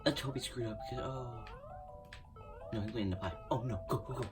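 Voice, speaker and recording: A man giving casual commentary over his own gameplay, excitable and prone to groaning and pleading at the game. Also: mid-range voice, fairly quick, distant mic. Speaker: gaming YouTuber. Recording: voice a bit off-mic over loud game music. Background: video game music.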